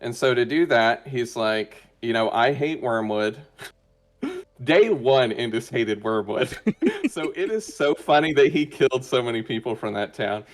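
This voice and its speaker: A man's voice: medium pitch, expressive, unhurried. Man rambling with lots of ums. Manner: hesitant, many fillers and restarts. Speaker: interview guest, roleplay player. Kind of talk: casual chat.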